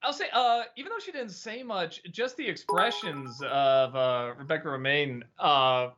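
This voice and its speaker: A man's voice: a little high, lively intonation, unhurried, muffled recording, music in the background. A man hosting a casual livestream Q&A, rambling and hesitant with lots of fillers. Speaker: host.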